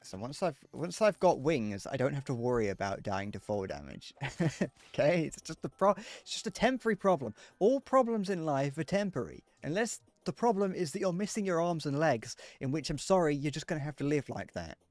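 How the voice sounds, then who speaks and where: A man's voice: fairly high pitch, animated, brisk, darkish tone, dry recording. A man chatting casually on a live stream while gaming, rambling, joking and answering chat messages.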